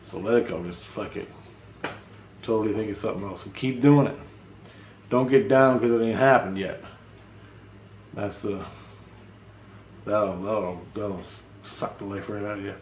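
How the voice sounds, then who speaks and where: A man's voice: on the low side, measured pace, pauses often, a little mellow, a little hiss or hum. Rambling man in an echoey room. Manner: rambling, swears, repeats himself. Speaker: spiritual vlogger. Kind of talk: casual spiritual monologue. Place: apartment, indoors.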